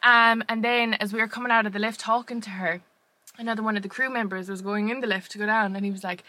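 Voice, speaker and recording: A podcast co-host tells stories in a fast, chatty way, laughing often and filling her speech with fillers. Her medium-pitched voice is bright and pushed, with fairly even intonation and no room sound.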